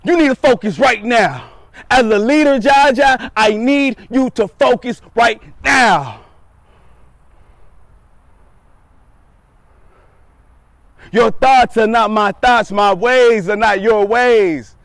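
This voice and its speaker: A man's voice: very high voice, unhurried, fairly bright tone, no room sound, heavily acted. A man voicing God as a stern male divine voice who presses his point by repeating lines, sometimes raising his voice. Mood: firm. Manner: insistent, repeats lines for emphasis.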